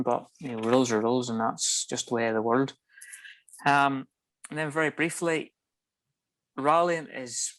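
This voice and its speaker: A man, co-hosting a motorsport podcast and running through the weekend's news in a rambling, brisk way with plenty of fillers. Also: mid-range voice. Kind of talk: casual podcast chat.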